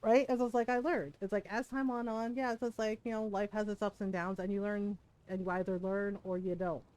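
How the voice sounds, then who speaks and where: A woman's voice: medium pitch, fairly even intonation, a little fast, darkish tone. A woman in her forties, streaming a game, telling family stories in a candid, laughing way and swearing freely. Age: 40s. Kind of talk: casual storytelling chat.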